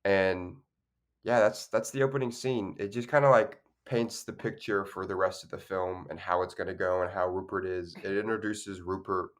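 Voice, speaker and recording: A man with a very low, deep voice talks casually through a film's plot on a podcast. He rambles and backtracks, stacking fillers and self-corrections as he goes. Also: steady tone, normal speed. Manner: loose, rambling, many fillers and restarts. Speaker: podcast co-host. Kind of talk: casual film discussion.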